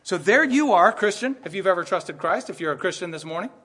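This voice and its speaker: A man preaches a sermon with a high-pitched voice, rising into emphatic bursts and breaking into laughter as he drives his points home. His voice carries a long reverb, as if filling a large hall. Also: lively intonation, fast, fairly bright tone. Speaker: pastor.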